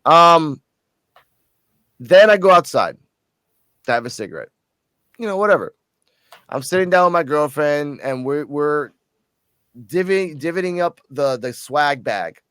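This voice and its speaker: A man from Puerto Rico telling a story in a casual, animated vlog, cursing freely and sounding a little tipsy. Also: fairly high pitch, unhurried, long pauses, clear, resonant tone, dry recording. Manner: profane, animated, excited storytelling. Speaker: channel host.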